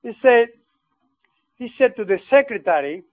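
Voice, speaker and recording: A priest from Argentina tells his story in English, stumbling and repeating words as he goes. His voice sits unusually high for a man. It comes through a narrow, phone-like channel with no room sound. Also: animated, no room sound. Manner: halting, repeats words, non-native grammar. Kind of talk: personal storytelling. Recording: tinny phone-like line.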